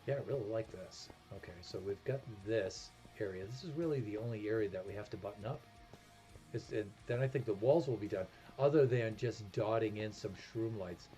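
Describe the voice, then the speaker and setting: Low-voiced New England man streaming. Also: brisk, warm tone. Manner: chatty, self-deprecating, thinking aloud. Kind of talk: casual gameplay commentary. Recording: music playing behind.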